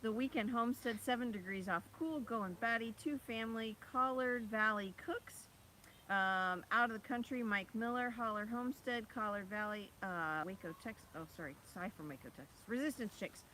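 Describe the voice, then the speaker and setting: A woman co-hosting a casual family live stream, briskly reading out viewer names and channels. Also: a little high, sharp tone, a little hiss or hum, low-quality recording. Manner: brisk, reads viewer names in a rapid list. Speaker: livestream co-host. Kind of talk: casual livestream chat. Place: outdoors by a lake.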